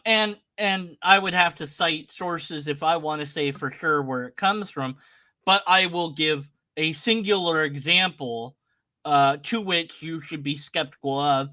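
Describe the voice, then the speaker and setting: A man's voice: on the high side, bright, forceful tone. A man giving casual, sarcastic commentary on a video, often exclaiming in disbelief.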